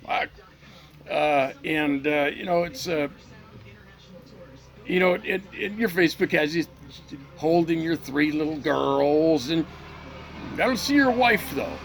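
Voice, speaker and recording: A man's voice: fairly high pitch, animated, slow, vocal fry, long pauses, a little hiss or hum. A middle-aged man hosting his own channel, in a heated, profane, unscripted rant to the camera that repeats itself as he goes. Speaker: channel host.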